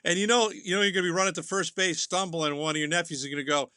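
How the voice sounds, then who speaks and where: A man's voice: high voice, fairly even intonation, fast, bright, forceful tone, no room sound, clean studio sound. A man hosting a podcast, mostly giving short reactions and laughing along with his guest. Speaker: podcast host. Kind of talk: casual interview chat.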